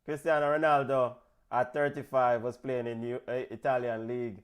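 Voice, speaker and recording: A Jamaican-accented man with a smooth, medium-pitched voice hosts an easygoing football watch-along. He gets excited easily and keeps shouting out names and giving big-ups.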